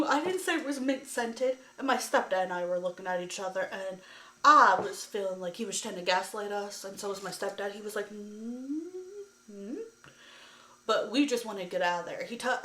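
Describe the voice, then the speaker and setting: A woman's voice: medium pitch, brisk, a bit bright. A woman vlogger telling a story to camera in a ranting, exasperated way, with lots of "like" fillers. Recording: echoey room.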